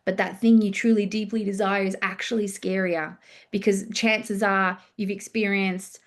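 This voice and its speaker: A woman's voice: mid-range voice, flat delivery, normal speed. A woman hosting a casual solo podcast on relationships, talking loosely, swearing freely and acting out listeners' inner thoughts. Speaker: podcast host and relationship coach.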